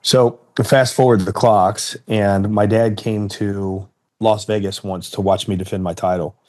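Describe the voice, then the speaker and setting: A man in his fifties from Ohio, telling a personal story in an interview in a measured, earnest way. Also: on the low side, steady tone, a little mellow. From Cincinnati, Ohio, United States. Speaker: interview guest, retired fighter.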